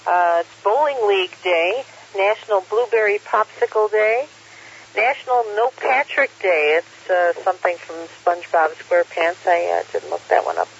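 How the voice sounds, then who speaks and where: A man's voice: high-pitched, moderate pace, vocal fry, breathy edge. A man running a ham radio net, casually reading out the day's holidays with jokes and frequent fillers. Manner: relaxed, joking, frequent uh fillers. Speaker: net control operator on amateur radio. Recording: lo-fi radio audio with faint hiss.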